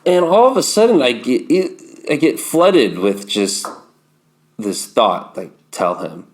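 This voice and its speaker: A man's voice: fairly high pitch, huge pitch swings, measured pace. A man in his thirties, a podcast guest, telling a personal story in a candid, vivid way and acting out remembered dialogue.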